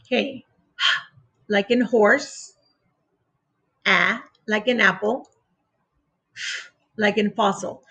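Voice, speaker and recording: A woman leads a children's phonics lesson at an unhurried pace, sounding out each word one letter at a time. Her voice carries a gravelly fry with a husky edge, and she patiently repeats every rule. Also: medium pitch, pushed and bright. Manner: spells words sound by sound with clear pauses. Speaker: teacher. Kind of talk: slow, deliberate phonics lesson for young children.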